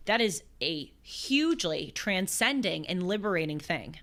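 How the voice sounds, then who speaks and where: A young woman in her twenties hosts a talk show and reflects on scripture. Her voice sits a little low. She speaks earnestly and thoughtfully, often circling back to restart a phrase. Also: big pitch swings, a little slow, a bit bright. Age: 20s. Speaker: show host.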